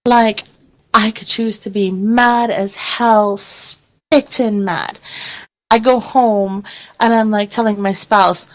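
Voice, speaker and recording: A lively woman radio host chats casually, laughing often and acting out quoted exchanges along the way. Her voice sits at a middle pitch for a woman, her delivery is slow, and the audio is poor.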